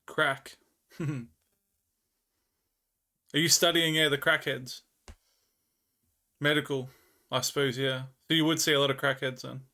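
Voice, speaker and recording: A man's voice: fairly high pitch, fairly even intonation, unhurried, pauses often, sharp tone. A man with an Australian accent chatting with viewers on a live stream, telling rambling stories and laughing often. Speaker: livestreamer. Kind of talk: casual chat with viewers.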